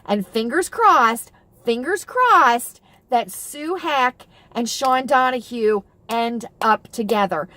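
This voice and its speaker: A middle-aged woman talks chattily to her viewers, wandering from thought to thought with lots of fillers and restarts. Her voice sits a little on the high side, and she gushes with feeling. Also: expressive, slow pace, bright, forceful tone, no room sound. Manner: gushing and emotional about TV shows. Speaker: vlogger. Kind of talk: casual chat to camera.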